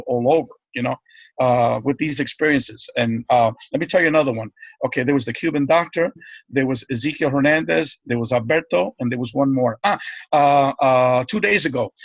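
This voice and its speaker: A man's voice: medium pitch, creaky, slightly rough, no echo, muffled recording. A man being interviewed as a guest, telling one story after another in a rambling, eager way and often checking in with "okay?".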